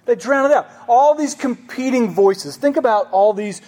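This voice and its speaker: A man's voice: very high voice, lively intonation, normal speed, a little mellow. A man preaching a conversational sermon as pastor, often asking the congregation questions.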